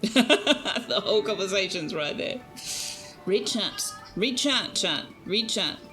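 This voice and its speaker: A woman's voice: medium pitch, animated, slow pace, over music. A woman streamer in a casual live-stream chat, teasing her viewers and cooing at her cat, speaking into a desk microphone at home. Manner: chatty, teasing, talks to her cat in baby talk.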